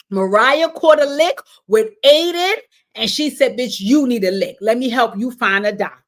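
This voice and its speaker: A woman hosting a casual reality TV commentary show, profane and animated, with sudden shouting bursts and mimicked voices. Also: on the high side, normal speed. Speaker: show host.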